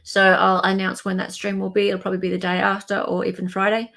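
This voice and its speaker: A woman's voice: medium pitch, monotone, fast talker, vocal fry, a bit bright. A woman hosting a livestream, giving loose, meandering updates to her viewers in casual chat. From Australia. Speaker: livestream host.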